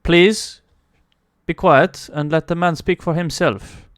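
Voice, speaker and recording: Male narrator as impatient tabletop interrogator, clear dry voice. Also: on the high side, slow, no room sound. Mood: stern. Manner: demanding, impatient. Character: stern male interrogator questioning captives.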